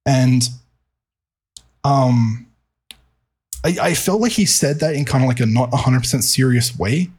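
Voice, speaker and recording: A man's voice: medium pitch, lively intonation, a little slow, pauses often, a little mellow, breathy edge. A man, a music producer, chatting casually on a podcast with a hesitant manner, repeating words and using many fillers.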